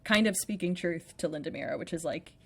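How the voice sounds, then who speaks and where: A woman's voice: on the low side, a little fast, gravelly, husky. A woman co-hosting a podcast, recapping a play in casual chat with a playful, chatty manner and lots of "like". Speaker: podcast co-host.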